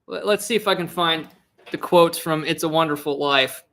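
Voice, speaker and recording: Give me a young man casually chatting on a stream, with a high, sharp voice and a rambling manner. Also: moderate pace. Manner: rambling, self-interrupting, giggly. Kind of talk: casual live stream chat.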